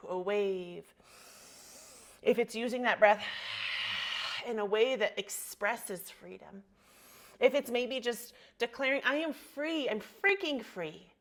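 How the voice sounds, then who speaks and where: A woman's voice: on the high side, a little slow, a bit bright. A woman teaching a yoga class, cueing poses and breath with encouraging, motivational talk and spoken affirmations. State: slight frog in her throat. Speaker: yoga instructor. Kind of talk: guided yoga class instruction.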